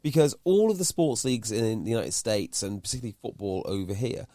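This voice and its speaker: A man's voice: lowish voice, big pitch swings, quick pace, warm tone, no echo, clean studio sound. A man, a podcast host talking casually and explaining a point at length. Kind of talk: casual chat.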